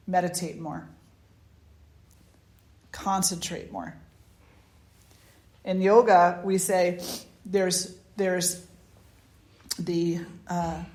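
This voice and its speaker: A woman leading a satsang as a spiritual teacher, giving an informal talk full of anecdotes, animated and chatty, often laughing and restarting her sentences. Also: lowish voice. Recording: roomy echo.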